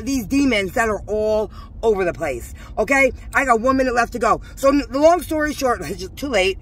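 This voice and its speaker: A woman's voice: fairly high pitch, expressive, fairly quick. A woman vlogger intensely recounting a church confrontation to her viewers, agitated and preachy, calling them y'all. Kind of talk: emotional first-person recounting to viewers.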